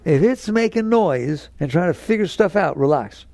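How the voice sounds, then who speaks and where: A spiritual teacher with a high-sitting, gravelly, darkish voice speaks animatedly at a moderate pace, with no room sound. Lecturing an audience, he hammers key words through repetition and chuckles as he acts out inner voices in quotes.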